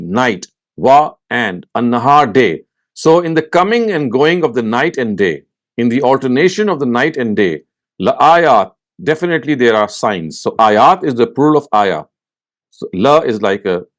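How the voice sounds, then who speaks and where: A man gives a word-by-word scripture lesson with a lively, rising and falling pitch. He moves slowly and methodically, glossing each term and then restating the whole meaning. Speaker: Quran teacher.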